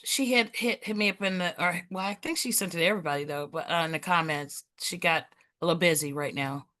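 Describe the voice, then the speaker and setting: A woman's voice: fairly low pitch, quick pace, bright, forceful tone. A woman co-hosting an open mic on a video call, chatty while organizing the lineup.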